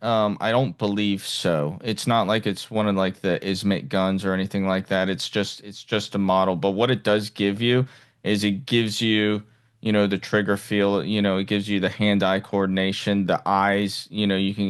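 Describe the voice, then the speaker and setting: Male podcast host, lowish voice, casual, stop-start delivery full of restarts. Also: steady tone, clear, resonant tone. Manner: halting, restarts with many "like"s. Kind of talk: casual interview chat.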